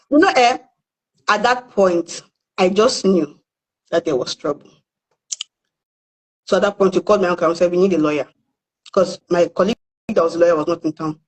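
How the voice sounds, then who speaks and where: A woman's voice: medium pitch, moderate pace, long pauses, darkish tone, rough recording. A young woman with a Nigerian accent, telling a story in casual chat and acting out the people she quotes. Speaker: guest storyteller.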